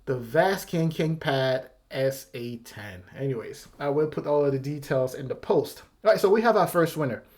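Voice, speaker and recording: A man's voice: on the high side, expressive, normal speed, hardly any pauses, darkish tone. A man hosting his own channel's giveaway vlog, talking casually in a rambling, apologetic way with nervous laughs. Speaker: YouTube channel host.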